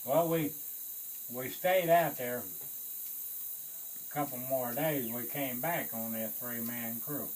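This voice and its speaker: A man, a Vietnam veteran, telling a war story in an animated way, swearing and acting out the voices of others. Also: mid-range voice, slow, pauses often, a little hiss or hum, low-quality recording. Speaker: Vietnam veteran recounting service.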